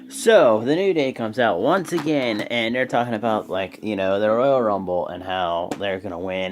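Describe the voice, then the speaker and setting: A man giving a casual, rambling recap of a wrestling show, excitable and swearing freely. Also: fairly low pitch, moderate pace.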